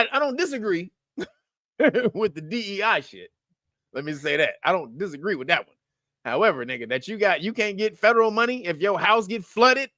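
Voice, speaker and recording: A man riffs through casual commentary in a blunt, profane way, laughing often and circling back through restarts. His voice sits high and swings widely in pitch as he goes. The sound is dry and close. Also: sharp tone, dry recording. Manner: rambling with frequent restarts. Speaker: commentary show host.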